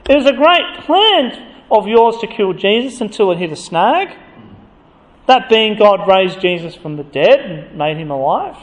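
A man preaching a sermon, emphatic and building to forceful accusation as he reads from scripture. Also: extremely high pitch. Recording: long hall reverb.

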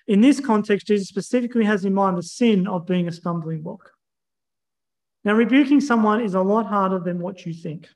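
A man preaching a sermon in an earnest, measured teaching manner, reading scripture passages aloud. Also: sits high, darkish tone, poor audio.

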